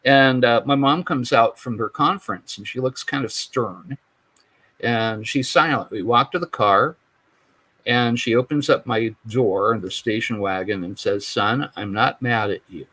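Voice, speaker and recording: A man's voice: mid-range voice, a little slow, fairly bright tone, no echo, poor audio. Chuckling older man telling a long story. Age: 60s. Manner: rambling, chuckling, lots of restarts and fillers. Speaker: podcast guest, UFO investigator. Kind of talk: casual storytelling in conversation.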